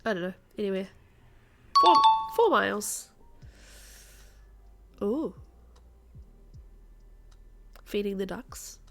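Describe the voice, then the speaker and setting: A woman talks her way through a guessing game on a live stream, wondering aloud and chatting to viewers. Her voice has a gravelly, creaky edge at a middle pitch. Faint music plays underneath. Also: animated, slow pace, long pauses. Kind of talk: live-stream gameplay chat.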